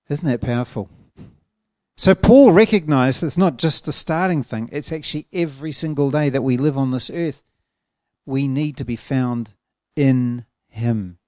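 A man preaching with earnest emphasis, leaning hard on key words and drawing some of them out slowly. His voice sits at an ordinary middle pitch. The sound is dry and close, with no room echo. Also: a little mellow. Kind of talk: sermon.

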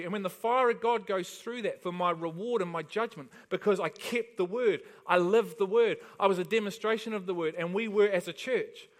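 A man pastor delivering an emphatic sermon, often asking the congregation rhetorical questions. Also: high voice.

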